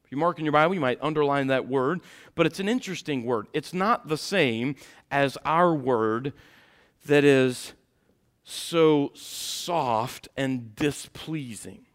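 A man preaching a sermon as pastor, folksy and direct with the congregation, moving from quiet asides to loud shouted passages. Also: mid-range voice, slow pace.

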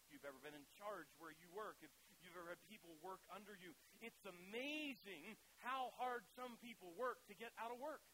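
A pastor preaching a sermon, emphatic and folksy, swinging from loud declarations to quiet conversational asides. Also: male voice, sits high, moderate pace, hardly any pauses, a little hiss or hum, rough recording. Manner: folksy and conversational, tells humorous anecdotes.

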